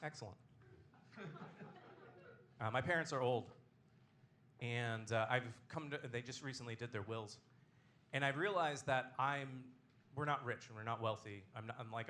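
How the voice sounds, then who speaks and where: Bright-voiced deadpan stand-up comedian, man. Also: mid-range voice, a little hiss or hum. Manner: deadpan, self-deprecating delivery. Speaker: comedian hosting a comedy show. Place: comedy club stage.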